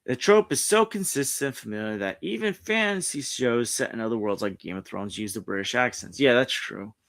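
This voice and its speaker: A man's voice: mid-range voice, lively intonation, fairly quick, fairly bright tone. Rambling New man streaming. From New York. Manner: rambling, frequent restarts and self-corrections. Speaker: streamer host. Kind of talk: casual pop culture commentary, reading articles aloud. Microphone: streaming setup mic.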